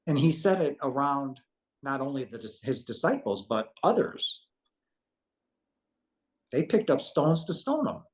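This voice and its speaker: A man's voice: medium pitch, big pitch swings, slow, long pauses, rough recording. A man giving an earnest spiritual testimony as an interview guest, emphatic, repeating himself and asking "right?" as he goes.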